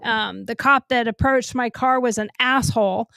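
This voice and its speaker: A woman's voice: moderate pace, creaky, smooth, no echo. A middle-aged woman co-hosting a talk show from home, telling a story in casual chat and acting out the quotes. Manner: animated, acts out quotes with rising pitch.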